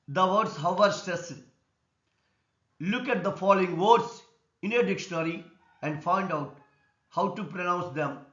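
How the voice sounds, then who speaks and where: A man with an Indian English accent teaching an English lesson on word stress, explaining slowly and deliberately. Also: high-pitched, a bit bright. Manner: slow, deliberate explanation, repeating words and stress rules. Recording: echoey room, dull lo-fi sound.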